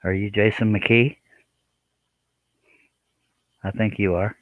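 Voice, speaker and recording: A man's voice: fairly low pitch, steady tone, takes it slowly, dry recording, phone-quality sound. A man hosting a live stream, chatting casually in a joking, rambling, self-deprecating way. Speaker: live stream host, scroll saw artist.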